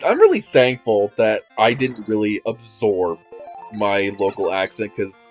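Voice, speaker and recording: A man's voice: lowish voice, very animated, unhurried. A man chatting casually during a video game session, making dry joking asides. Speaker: gaming show co-host. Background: game music.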